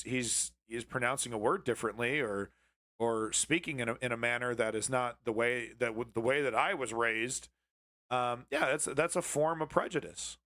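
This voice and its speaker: A man's voice: medium pitch, fairly bright tone. A man hosting a live stream, rambling through casual commentary on clips and sarcastically taunting viewers in chat, with swearing. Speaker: livestream host.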